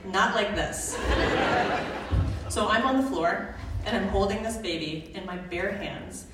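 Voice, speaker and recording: A woman tells a live personal story in a comic, self-mocking way, pitched in a middling range. Her voice sits at a distance from the mic and rings through a very echoey hall. Steady background noise runs beneath her. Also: a little slow. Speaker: storyteller, student midwife.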